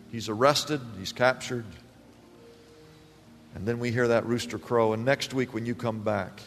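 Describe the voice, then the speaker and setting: A man preaching a sermon in church as pastor, quizzing the congregation with fill-in questions and building to loud, emphatic peaks. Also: mid-range voice, big-room sound, a little hiss or hum.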